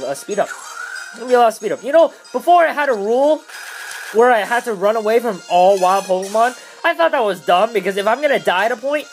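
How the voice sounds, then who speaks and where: A young man doing excitable gameplay commentary, swearing a lot and shouting in glee. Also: high-pitched. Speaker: let's play commentator.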